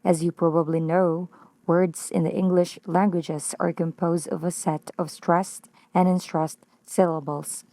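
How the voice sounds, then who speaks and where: A woman with a Filipino accent reading a prepared lesson on poetry, slow and careful. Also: lowish voice, level tone, warm tone, no echo. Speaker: student presenter.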